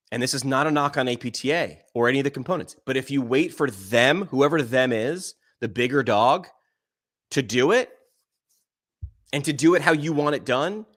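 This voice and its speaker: A male podcast co-host in casual discussion. He talks emphatically, telling stories with lively jumps in pitch and loudness. He keeps pushing his point with energy. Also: normal speed. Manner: emphatic, animated storyteller with big swings in pitch and loudness.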